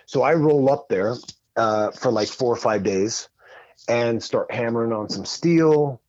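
Man, podcast guest, casual storytelling, swears a lot, rambling, middle pitch, slightly muffled audio. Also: a little slow, no echo. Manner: profane, rambling, animated.

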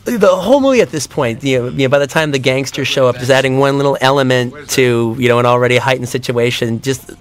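A man's voice: medium pitch, fast talker, few pauses. A man giving a casual audio commentary on a film, rambling with many fillers and restarts and acting out audience reactions in a raised voice.

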